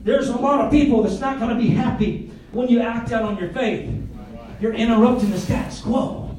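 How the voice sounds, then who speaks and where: An older man preaching a sermon to his congregation, alternating fervent shouting with quieter, chuckling asides. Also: very high-pitched, normal speed. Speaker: pastor. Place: church sanctuary. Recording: echoey church, heard from a distance, congregation audible. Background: congregation calling out responses.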